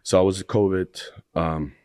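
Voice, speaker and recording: A man's voice: deep voice, fairly even intonation, measured pace, a little mellow, clean tone, no room sound, clean studio sound. A young man, a podcast guest, telling a long story in a rambling way, restarting his sentences and swearing freely. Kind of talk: casual storytelling in conversation.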